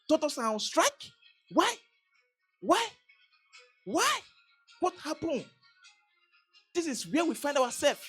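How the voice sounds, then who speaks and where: A Nigerian woman vlogger giving an emphatic political commentary, repeating phrases and restarting sentences as she presses her points. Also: sits high. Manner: emphatic, repetitive, stammering restarts.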